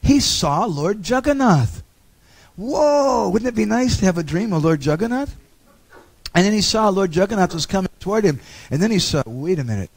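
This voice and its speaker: A man's voice: high-pitched, lively intonation, moderate pace, gravelly. A man giving a storytelling lecture on a pilgrimage, with humorous asides.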